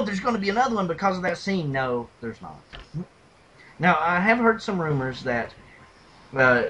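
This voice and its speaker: A man co-hosting a casual podcast, retelling and mocking movie scenes with animated delivery and loud impressions. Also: mid-range voice, slight background noise, poor audio. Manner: animated storyteller, mimics lines in a loud gravelly shout. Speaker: podcast co-host. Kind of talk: casual movie review chat.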